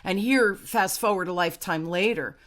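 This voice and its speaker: A woman in her fifties telling a candid personal story as a guest, chatty and animated, often tagging "right?". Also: mid-range voice, moderate pace.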